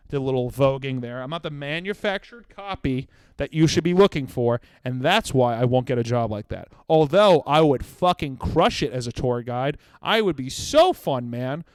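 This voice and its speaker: Young male comic, high-ish voice, lively storytelling, dry booth sound. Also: clear, resonant tone, no room sound. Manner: animated storytelling with acted-out quotes and sudden shouts. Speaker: comedian podcast host. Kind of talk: solo comedic monologue.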